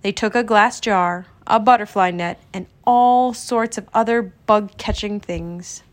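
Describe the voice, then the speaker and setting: A woman narrating a children's storybook read-aloud in an expressive, storytelling manner. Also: medium pitch, a little slow.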